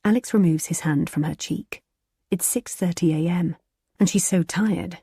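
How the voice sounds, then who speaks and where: A woman narrating a thriller audiobook in a measured, even storytelling manner. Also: lowish voice, a little hiss or hum.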